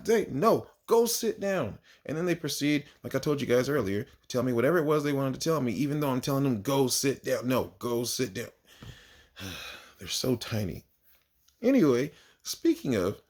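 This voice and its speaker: Animated, gravelly-voiced man telling classroom stories. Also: mid-range voice. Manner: animated storyteller, swinging up for acted exclamations. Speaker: kindergarten teacher. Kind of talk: casual anecdotal monologue.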